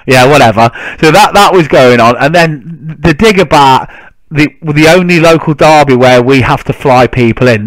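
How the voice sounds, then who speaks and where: A man's voice: mid-range voice, no echo, rough recording. A man ranting indignantly to camera about football rivals, swearing freely. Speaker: football fan vlogger. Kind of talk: casual ranting monologue.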